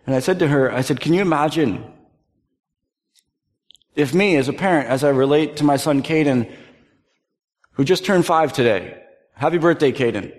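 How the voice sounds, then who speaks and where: Male pastor, 30s, slightly high voice, earnest sermon delivery with hushed quiet passages, long hall reverb. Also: moderate pace, pauses often. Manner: earnest, dropping to soft near-whispers for tender moments.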